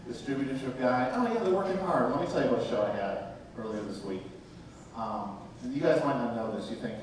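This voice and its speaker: A male stand-up comedian does a brash, profane set on a live club stage, teasing the laughing crowd. His mid-range voice is brisk with lively intonation. The recording is echoey, noisy and distant from the mic, with audience laughter behind him.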